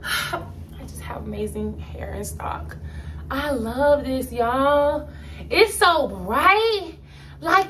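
High, lively woman gushing over wigs. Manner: excitable, gushing, laughs and exclaims often. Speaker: wig shop owner showing stock. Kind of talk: casual try-on haul vlog. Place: indoor shop. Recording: distant mic with faint room noise.

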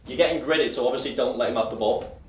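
A man's voice: medium pitch, quick pace, a little mellow, far from the mic, dull audio. A young man, reacting to football gameplay with groans and teasing remarks as a pro gamer. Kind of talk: gameplay commentary. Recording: echoey room, away from mic, faint music.

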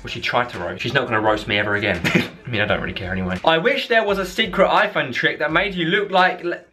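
A man's voice: mid-range voice, quick pace, noisy background. A young English man vlogging casually, cheeky and slangy, often laughing as he reacts to comments. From England. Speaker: YouTuber.

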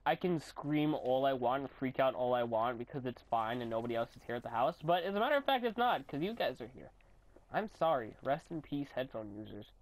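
A young man giving rambling, goofy commentary while recording his own game, often bursting into yells and silly voices. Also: mid-range voice, dry recording. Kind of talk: gameplay commentary.

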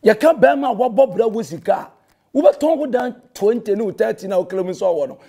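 Scolding Ghanaian pastor, high-pitched man. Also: animated, brisk, creaky, warm tone. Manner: scolding, confrontational, mixing in English phrases. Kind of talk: heated public rebuttal.

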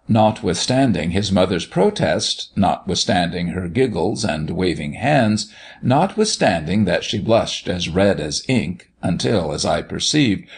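Gravelly, lively male storyteller. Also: fairly low pitch. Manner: expressive, animated reading. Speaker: audiobook narrator. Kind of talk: storybook narration.

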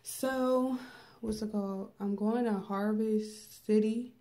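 A woman's voice: mid-range voice, steady tone, takes it slowly, mellow. A young woman, vlogging in a casual chat and often addressing her viewers directly. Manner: chatty, laughs often, addresses viewers as y'all.

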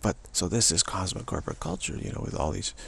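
A man giving a rambling spiritual monologue, an animated storyteller who repeats himself and restarts often. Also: sits low, fast talker, creaky, slightly rough. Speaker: spiritual speaker.

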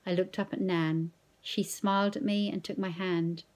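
A woman teacher reading a novel aloud in plain, steady narration. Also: on the low side, moderate pace.

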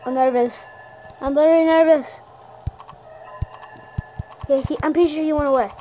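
Jumpy high-voiced woman gaming. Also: steady tone, moderate pace, faint music behind, poor audio. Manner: jumpy, exclaiming, yelling at game characters. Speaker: gamer. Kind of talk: horror game let's-play commentary.

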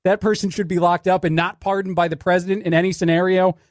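A man's voice: high voice, flat delivery, quick pace, dry recording, studio quality. A man filling in as a radio talk show host, rambling sarcastically through a casual monologue. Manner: sarcastic, rambling, restarts often.

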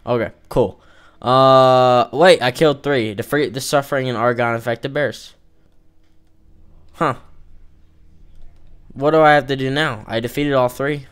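A man's voice: medium pitch, steady tone, measured pace, pauses often, a bit bright, clear, resonant tone. A man giving casual let's-play commentary, teasing and joking with the game's characters as he plays. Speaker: gamer playing an online role-playing game.

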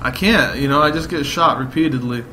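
A man commentating a let's play while taking shots, shouting profane, excitable outbursts at the game. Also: mid-range voice, brisk, crowd noise. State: drinking shots during play. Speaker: gamer playing a shooter.

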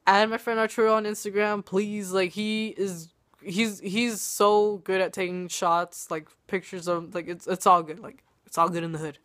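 A woman's voice: mid-range voice, steady tone, moderate pace, a bit bright. A young woman vlogging casually, chatty and self-mocking, her voice worn and coming and going from being sick. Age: young adult. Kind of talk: casual vlog chat. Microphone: webcam or phone camera.

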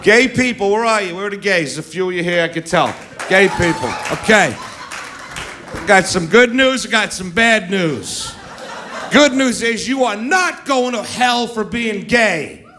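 A man's voice: high voice, lively intonation, a little slow, bright, forceful tone, slight background noise. A middle-aged man doing a stand-up comedy set on a club stage, brash and profane, baiting the crowd into a handheld mic.

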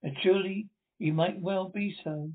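A man reading a Gothic novel aloud in measured, dramatic narration, on a tinny lo-fi recording. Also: high voice, steady tone. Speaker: audiobook narrator.

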